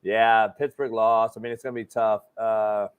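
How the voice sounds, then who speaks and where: A man co-hosting a sports talk show, excitable and jumping in with quick interjections. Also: lowish voice, clean tone.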